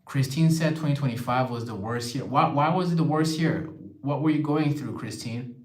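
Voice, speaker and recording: Young man, casual livestream host, chatty, mid-pitched voice, reads comments aloud, roomy echoey sound. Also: normal speed, darkish tone. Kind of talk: casual live-stream chat. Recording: echoey room.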